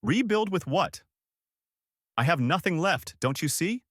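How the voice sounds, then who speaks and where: A man voicing a grieving young woman who teaches in a village, pleading and shouting through tears. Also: medium pitch, big pitch swings, normal speed, dry recording, clean studio sound. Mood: anguished.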